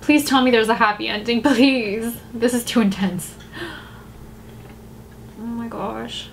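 A woman's voice: fairly high pitch, fairly even intonation, a little slow, creaky, a little hiss or hum, poor audio. Gasping, exclaiming woman reacting to a video. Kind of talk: music video reaction vlog. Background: music video playing.

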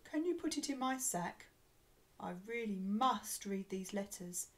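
A woman voicing a cheerful old Santa Claus in a storybook, speaking warmly and slightly lower than her own voice. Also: lively intonation, measured pace.

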